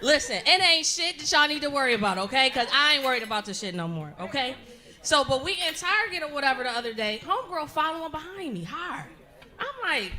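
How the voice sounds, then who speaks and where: A middle-aged woman performing a profane stand-up comedy set, telling stories loudly and animatedly. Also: high-pitched, a little fast. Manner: profane, loud, animated storytelling with frequent laughs. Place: comedy club stage with live audience.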